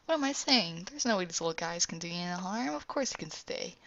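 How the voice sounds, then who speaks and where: A woman's voice: lowish voice, animated, fast talker, fairly bright tone. A woman voicing a worried, protective father who talks in an exasperated way. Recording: dull lo-fi recording.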